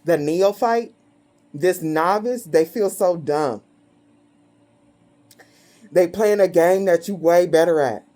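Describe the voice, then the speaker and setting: A woman with a lowish, dark-toned voice reads tarot slowly, leaving long pauses. Her casual reading is blunt and full of profanity, and she gleefully mocks her subjects, laughing often between phrases.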